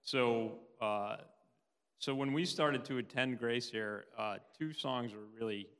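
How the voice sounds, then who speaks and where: A man's voice: mid-range voice, a bit bright, clear, resonant tone. Tearful man testifying in a reverberant hall. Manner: halting, many restarts, laughs often. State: tearful, sobbing at times. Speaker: church member giving testimony. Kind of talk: emotional personal testimony. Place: church hall.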